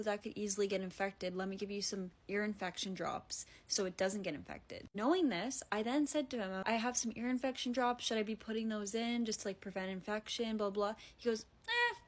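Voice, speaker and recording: A young woman casually ranting about a bad experience, retelling it with exasperated, animated quoted dialogue. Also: mid-range voice. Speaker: vlogger. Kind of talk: casual storytelling rant.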